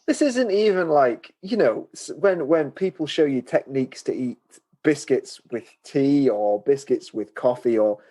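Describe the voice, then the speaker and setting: A man's voice: mid-range voice, lively intonation, a little slow, dark tone. Amused man retelling a film. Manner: amused, rambling, retells scenes with voices. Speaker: movie review podcast co-host. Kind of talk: casual chat.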